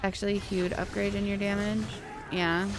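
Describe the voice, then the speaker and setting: A woman talks her way through a game stream in loose, rambling casual chat, often irritated and reading chat aloud. Her voice sits at a middle pitch with a gravelly vocal fry running through it. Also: little pitch movement, normal speed.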